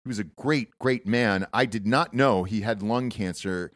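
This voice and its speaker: A man's voice: fairly low pitch, moderate pace, dry recording, clean studio sound. Casual swearing male podcast host. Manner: loose, swearing, rambling with fillers. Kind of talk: casual chat.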